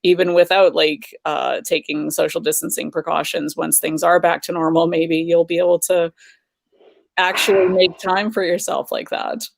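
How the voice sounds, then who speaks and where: A woman's voice: lowish voice, level tone, normal speed, vocal fry, no echo. A woman guest in casual conversation, easygoing and hesitant, with many fillers and laughs.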